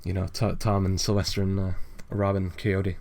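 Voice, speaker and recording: A young man with a low voice hosts a casual podcast. He rambles through a comic with lots of filler and frequent giggles. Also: monotone, moderate pace, creaky, a little mellow. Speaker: podcast host.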